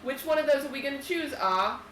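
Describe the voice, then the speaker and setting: A woman's voice: high-pitched, animated, brisk, a bit bright. A woman narrating as game master in a tabletop game, teasing her players in a playful way. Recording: echoey room, mic from a distance, noisy.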